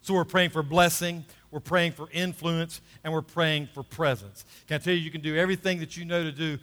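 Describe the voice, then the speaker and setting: A man's voice: on the high side, fairly even intonation, brisk, fairly bright tone, in a large hall. A man preaching a sermon as pastor, emphatic and repeating key phrases, calling for responses from the congregation.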